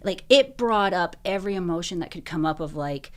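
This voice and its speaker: A woman with a low voice for her sex speaks as a podcast guest, telling her own story. She sounds earnest and emotional, and she fills her speech with a lot of likes and you-knows. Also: lively intonation, brisk. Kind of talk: personal storytelling in a podcast interview.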